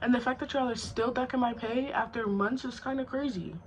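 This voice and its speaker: A woman's voice: a little high, a little fast, slight background noise, poor audio. A young woman vlogger telling a storytime, blunt and profane, acting out both sides of an argument. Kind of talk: storytime vlog.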